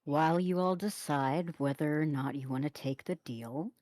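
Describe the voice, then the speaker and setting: A woman's voice: low voice, normal speed, a little mellow, dry recording. A woman playing a tabletop game, speaking in a dry, understated way. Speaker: player. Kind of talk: tabletop role-play.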